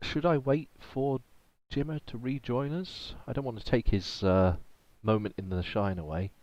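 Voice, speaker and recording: A man acting as game master of a tabletop game, chatting in a relaxed way and laughing often. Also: mid-range voice, normal speed, lo-fi sound. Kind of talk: running a tabletop game over voice chat.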